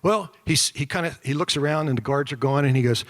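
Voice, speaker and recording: A middle-aged man tells his story from a stage in a big, echoing hall, his voice sitting a little high for a man. He talks casually with asides and acts out the shouts of others. The long reverb of the room trails after his words. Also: brisk, hardly any pauses. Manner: animated storyteller, acts out shouted quotes, self-deprecating asides. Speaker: former POW giving a talk. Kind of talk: storytelling presentation to an audience.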